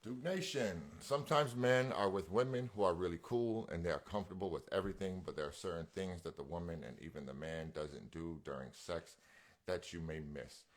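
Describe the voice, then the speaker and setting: A man's voice: low voice, brisk. A man co-hosting a relationship talk show, chatting casually, reading out viewer comments and rambling with slang and restarts. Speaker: podcast co-host reading live comments. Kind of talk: casual chat.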